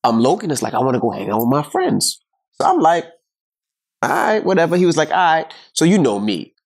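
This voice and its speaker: A man's voice: medium pitch, sing-song, fast talker, a little mellow. A middle-aged man hosting a podcast, chatting casually in joking, boastful banter. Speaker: podcast host. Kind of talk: casual chat.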